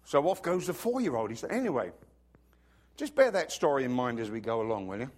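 A man preaching a sermon as pastor, telling stories with sudden swings from loud bursts to hushed asides, and he has a cough. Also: medium pitch, big pitch swings, a little fast.

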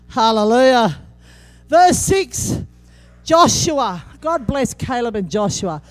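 Her voice on the high side and her pace unhurried, a woman gives a lively, humorous sermon. Scripture quotes get acted out, with abrupt jumps in her voice.

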